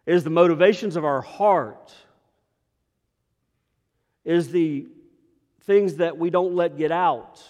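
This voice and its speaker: A man preaching a sermon as pastor, swinging between emphatic rises and hushed, quiet drops. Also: a little high, slow, long pauses. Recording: long reverb of a large hall.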